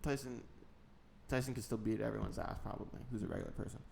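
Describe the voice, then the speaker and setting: A man's voice: lowish voice, fast, gravelly, a little mellow, slight background noise. A man hosting a casual solo podcast, rambling in a joking, self-mocking way. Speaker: podcast host.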